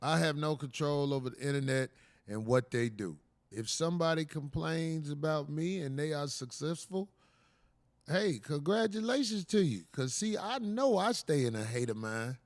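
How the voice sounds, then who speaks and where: Middle-aged male comedy host, high-pitched, brash trash-talker. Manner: brash, profane, boastful ribbing. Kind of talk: loose comedic podcast banter.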